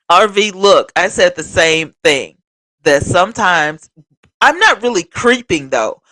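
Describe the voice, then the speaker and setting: A woman's voice: fairly low pitch, big pitch swings, slow, pushed and bright, no room sound. A woman hosting a casual livestream, chatting expressively and talking straight to her viewers as she reads their comments. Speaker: livestream host.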